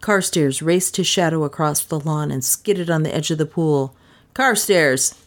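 Female audiobook narrator, low voice, measured dramatic delivery. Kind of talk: scripted narration of a crime novel.

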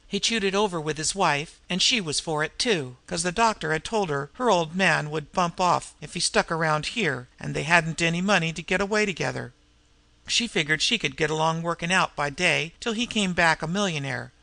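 A man's voice: a little high, vocal fry, sharp tone, no echo. A man doing a breezy, slangy street crook. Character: airy, complacent young street crook.

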